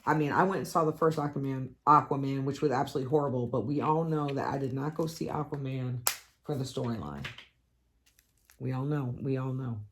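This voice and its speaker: A woman hosting a crafting channel, chatting casually to her viewers in a blunt, animated, profane rant with dramatic swoops up in pitch for emphasis. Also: fast talker, a little hiss or hum. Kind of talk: casual chat vlog.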